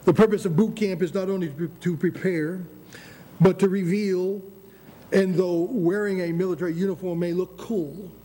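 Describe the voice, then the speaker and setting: A man's voice: high voice, steady tone, moderate pace, mellow. An older American man preaching a sermon, emphatic, with frequent restarts and calls of "Amen?". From United States.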